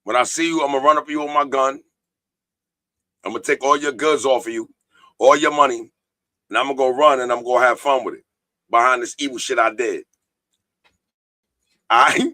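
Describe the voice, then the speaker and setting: A man's voice: medium pitch, fairly even intonation, a little fast, pauses often, bright, forceful tone, no echo. A man hosting a live-stream talk show, preaching profanely and reading viewer comments aloud. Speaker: podcast host.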